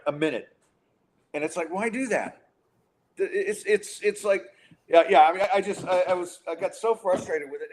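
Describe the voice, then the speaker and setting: A middle-aged man hosting a podcast, chatting casually and ranting with sarcasm and frequent restarts. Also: a little high. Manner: exasperated, sarcastic, many restarts. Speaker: podcast host.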